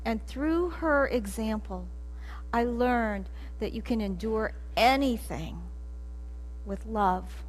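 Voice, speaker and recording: A middle-aged woman giving a personal storytelling talk as a guest speaker in a church sanctuary, animated and acting out scenes. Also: fairly high pitch, slow, slight background noise. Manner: animated, acts out scenes and laughs at her own story.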